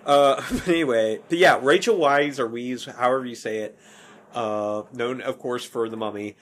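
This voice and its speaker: A man's voice: mid-range voice, moderate pace, a bit bright. A man hosting a podcast in casual chat, rambling, correcting himself and laughing often. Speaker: podcast host.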